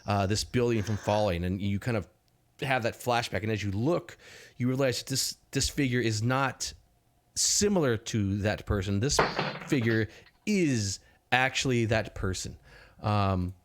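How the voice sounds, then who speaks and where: A man's voice: on the low side, unhurried. A man narrating as game master of a tabletop game, rambling with many fillers and restarts.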